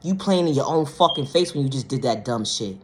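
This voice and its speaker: A woman's voice: animated, fairly quick, a little hiss or hum. Blunt, profane woman ranting on camera. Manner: blunt, profane, repeats "ma'am, sir" and "respectfully"; swings from low, quiet to loud, high outbursts. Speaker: vlogger. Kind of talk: impassioned monologue rant.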